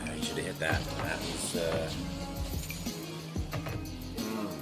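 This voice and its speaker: With a very deep voice and a slow delivery, a young father streams a car game alongside his son. He comments casually and coaches him on, as game music and car sounds play beneath.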